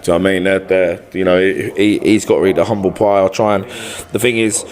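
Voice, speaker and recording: A man's voice: low voice, fairly even intonation, fast talker, darkish tone. A man, a football manager and podcast guest, telling stories from his career in a blunt, sweary, colloquial way. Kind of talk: casual storytelling chat.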